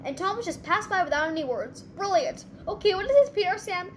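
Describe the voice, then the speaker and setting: A woman hosting her channel, giving excitable gameplay commentary with quick reactions. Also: extremely high pitch, a little hiss or hum. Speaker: channel host.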